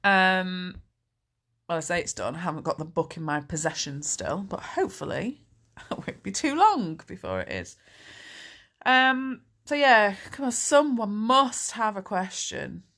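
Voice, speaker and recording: A woman's voice: medium pitch, big pitch swings, unhurried, a bit bright. A woman, a life coach answering viewer questions in a candid, chatty, reassuring live Q&A. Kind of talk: live Q&A chat.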